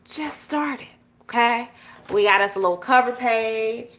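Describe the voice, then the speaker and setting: Chatty higher-voiced Southern woman. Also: a little slow, a bit bright. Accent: Southern US (Georgia). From Georgia, US. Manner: chatty, talks straight to viewers with frequent "y'all" and "okay?". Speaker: journaling channel host. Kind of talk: casual journal-with-me tutorial.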